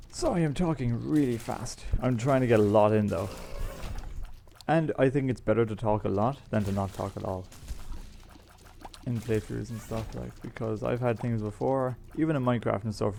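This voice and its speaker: A man's voice: fairly low pitch, steady tone, normal speed, vocal fry, warm tone, a little hiss or hum. A man chatting casually as he plays a video game, rambling and explaining the items. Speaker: gaming YouTuber. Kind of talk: casual let's-play commentary.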